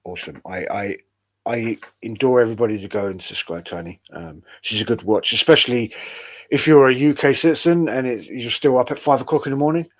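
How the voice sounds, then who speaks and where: A man's voice: mid-range voice, brisk. Man, online show host, rambling and wry, swears freely. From United Kingdom. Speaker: podcast host. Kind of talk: casual chat.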